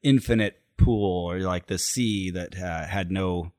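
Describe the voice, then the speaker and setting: Brief: male podcast co-host, very low voice, dry close sound, easygoing and chatty. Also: a little slow, no room sound. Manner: relaxed, rambling storytelling with many fillers. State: recovering from illness. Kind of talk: casual chat.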